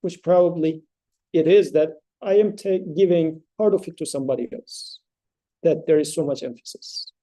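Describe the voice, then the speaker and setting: Mellow-voiced man teaching scripture. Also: a little high. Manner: thoughtful, halting explanations with many fillers, chanting Arabic verses. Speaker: study circle teacher. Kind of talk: explaining scripture in a study group.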